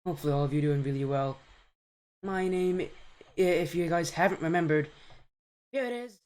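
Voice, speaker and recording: A man's voice: on the high side, fairly quick, darkish tone. A man hosting and casting an esports match on a live stream, upbeat and joking at his own expense, talking into a home mic on a voice call. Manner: upbeat, joking, self-mocking. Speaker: esports caster and host. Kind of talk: live game commentary on a stream.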